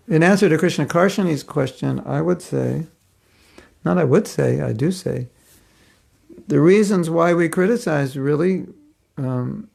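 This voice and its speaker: A man leads a devotional class in a relaxed, conversational storytelling manner, often breaking into a chuckle. His voice sits a little high and has a gravelly fry to it. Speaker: spiritual teacher.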